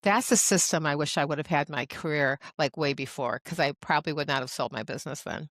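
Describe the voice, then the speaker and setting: Middle-aged woman, executive coach, chatty storyteller, lowish voice, dry close sound. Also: fast, fairly bright tone, dry recording. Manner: chatty, rambling, full of "you know" and "like". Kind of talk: casual interview storytelling.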